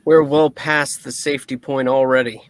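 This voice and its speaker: A man's voice: medium pitch, little pitch movement, moderate pace, no room sound. A man co-hosting a live comic reading, reading dialogue earnestly with playful asides. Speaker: comic book reader, co-host.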